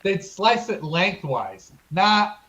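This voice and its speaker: This man co-hosts a casual podcast and his voice sits high for a man. The recording is slightly dull and muffled. He gets excited about the subject and stretches out his exclamations. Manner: excitable, relishing food talk with drawn-out exclamations. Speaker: podcast co-host. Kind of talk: casual chat.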